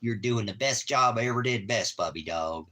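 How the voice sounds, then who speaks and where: Deep husky guy baby-talking his dog, kinda bright tone, same lines over and over. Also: moderate pace. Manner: soft, doting baby talk with repeated phrases. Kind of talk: casual talk to a pet.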